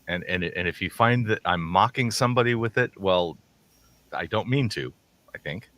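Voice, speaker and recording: A man's voice: sits low, moderate pace, a bit bright, no room sound. A man co-hosting a call-in show, talking in a chatty, rambling way with many restarts. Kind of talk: casual chat.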